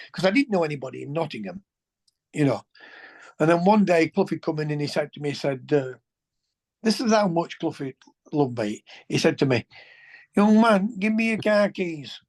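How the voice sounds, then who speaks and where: A man, a former footballer telling colloquial, animated anecdotes as an interview guest. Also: on the high side. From England. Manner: animated, colloquial, swears, restarts sentences. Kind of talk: anecdotal storytelling.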